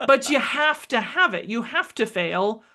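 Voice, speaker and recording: A middle-aged woman, a marketing strategist, talking as a podcast guest, energetic and emphatic, acting out bits of dialogue. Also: on the high side, a little slow. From United States. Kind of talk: conversational interview.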